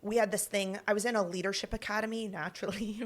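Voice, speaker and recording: A woman's voice: mid-range voice, quick pace. A young woman co-hosting a podcast, telling a personal story casually and acting out the voices she quotes. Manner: animated, acts out quoted lines. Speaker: podcast co-host.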